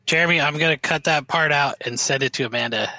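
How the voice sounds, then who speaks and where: A man's voice: fairly high pitch, quick pace, sharp tone, dry recording. A man on a podcast, joining in with teasing, playful banter. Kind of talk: casual banter.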